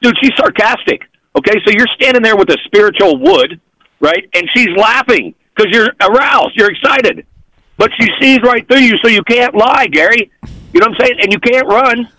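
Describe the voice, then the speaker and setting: Excitable high-voiced man telling a story. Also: normal speed, no echo, low-quality recording. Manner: excitable, keeps checking in with "okay?". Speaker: podcast guest. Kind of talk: animated storytelling.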